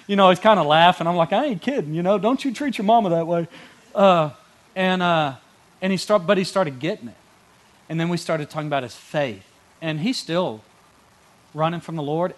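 A man, a youth pastor giving a conversational teaching talk to small group leaders, animated and folksy, blunt and confrontational, with frequent restarts. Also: medium pitch.

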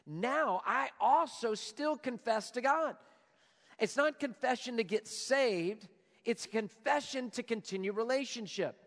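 A man in his forties preaching a sermon as a pastor, moving between loud emphasis and hushed, prayerful passages. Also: high voice, big-room sound.

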